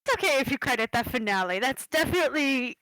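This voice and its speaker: Bright, chatty woman podcast host. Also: sits high, sing-song, quick pace, no echo, low-quality recording. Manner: chatty, laughs often, enthusiastic. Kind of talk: casual interview chat.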